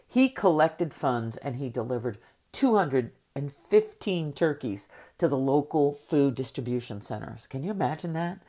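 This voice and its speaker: Upbeat low-voiced woman motivational host. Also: dark tone. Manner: upbeat, emphatic, direct address to listeners. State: recovering from a raspy voice. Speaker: podcast host and high-performance coach. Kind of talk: motivational podcast monologue.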